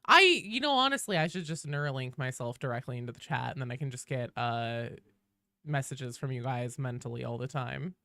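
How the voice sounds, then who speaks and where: Woman streamer chatting with chat, swears a lot, bouncy pitch, dry close sound. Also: lively intonation, a little fast, sharp tone, no echo. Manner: chatty, swears casually, greets viewers in a high sing-song. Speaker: game streamer. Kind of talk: casual livestream chat while gaming.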